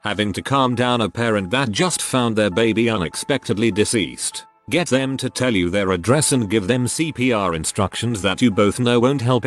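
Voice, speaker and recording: Man, low voice, lively pitch, somber storytelling, faint background music. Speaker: narrator reading online posts. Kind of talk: reading first-person stories aloud.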